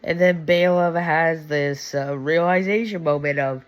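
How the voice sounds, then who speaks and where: Man, casual Bible video host, slangy, self-correcting, slow pace. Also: a little high, smooth, muffled recording. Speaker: video creator teaching the Bible.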